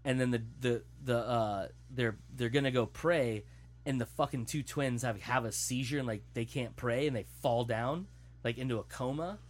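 A young man with a mid-range voice and moderate pace tells a story loosely and casually, swearing freely. Retelling the plot to his friends, he animatedly mimics what the characters say.

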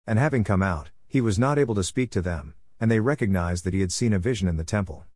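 A man giving a steady, formal scripture reading. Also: on the low side, quick pace, no room sound, clean studio sound. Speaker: scripture reader.

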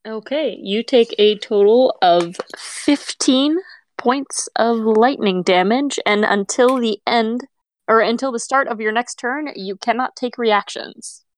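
A woman acting as game master, narrating a tabletop game with steady, patient rulings. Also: on the high side, slow, slight background noise.

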